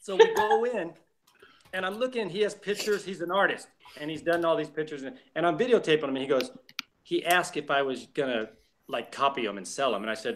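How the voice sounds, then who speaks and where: A man's voice: a little high, animated, normal speed, bright, forceful tone. A man hosting a live chat, telling stories with frequent laughs. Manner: laughs often, storytelling. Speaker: host.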